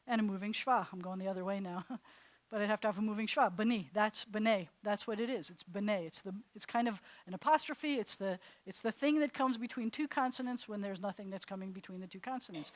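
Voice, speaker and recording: A woman rabbi teaching a live class, chatty and animated, laughing at herself as she demonstrates sounds. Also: mid-range voice, fairly quick, hardly any pauses, dry recording. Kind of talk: classroom lesson. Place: congregation classroom.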